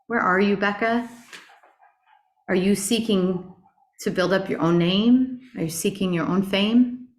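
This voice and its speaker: Middle-aged female Bible teacher, animated and earnest, mid-pitched voice, echoey room. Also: measured pace, long pauses. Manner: earnest, animated storytelling with rhetorical questions. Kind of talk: conversational Bible class teaching. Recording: roomy echo.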